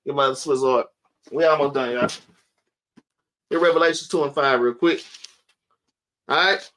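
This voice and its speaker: A man teaching a religious class in a loose, casual preaching style, ending many phrases with "man" and reading scripture slowly. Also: medium pitch, a bit bright. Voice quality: casual preaching, repeats "man" at line ends. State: out of breath. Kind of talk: sermon.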